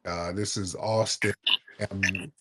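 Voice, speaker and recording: A man hosting a call-in show, blunt and joking, scolding his callers in loud, casual talk. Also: deep voice, steady tone, takes it slowly, a little hiss or hum. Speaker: radio call-in host.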